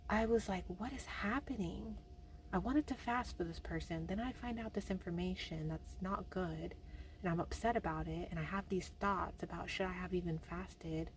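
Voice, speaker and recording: A woman's voice: on the low side, normal speed, slight background noise. Chatty woman telling a story. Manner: chatty, animated retelling with many fillers. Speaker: vlogger. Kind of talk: personal faith vlog storytelling.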